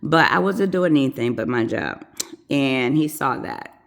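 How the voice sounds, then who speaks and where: Low-voiced woman telling a lively story. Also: a little slow, creaky. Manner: animated, acts out quoted voices. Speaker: nurse. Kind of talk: casual storytelling to camera.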